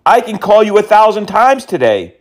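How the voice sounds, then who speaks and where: Lively, teasing prankster man. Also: high voice, moderate pace. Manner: teasing, mocking, drops in Hindi words and insults. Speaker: scam-baiting prank caller. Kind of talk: mocking prank phone call.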